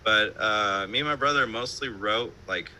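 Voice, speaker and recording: A man with a piercingly bright, somewhat low voice chats as an interview guest from his home. His stories ramble loosely, packed with fillers, casual swearing and laughter. A faint hiss sits under the streamed call. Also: moderate pace, low-quality recording. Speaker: band musician, interview guest.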